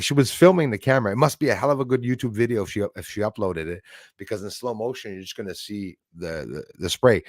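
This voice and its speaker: A man hosting a live stream, telling a story in a casual, animated way full of fillers. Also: lowish voice, no room sound, clean studio sound. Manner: animated, acts out quoted voices, frequent fillers.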